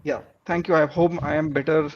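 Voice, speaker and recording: A man's voice: fairly high pitch, steady tone, brisk. A man, speaking as a panelist over a video call and dropping in frequent "you know"s. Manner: fluent, filler-heavy with frequent "you know". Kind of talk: panel discussion. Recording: muffled lo-fi call audio.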